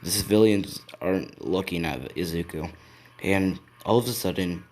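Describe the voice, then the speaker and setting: A man's voice: sits low, normal speed, darkish tone. A man improvising a fan story, rambling and correcting himself as he goes.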